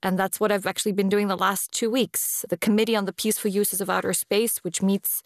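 Woman, interview guest, measured explanatory talk, dry close sound. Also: mid-range voice, level tone, no room sound. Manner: deliberate, pausing between phrases. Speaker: space law official, interview guest. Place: based in Vienna.

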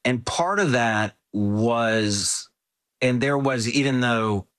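A man's voice: medium pitch, takes it slowly, fairly bright tone. An older man telling family stories in a reflective, rambling way, full of asides and restarts. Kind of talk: reflective conversational storytelling.

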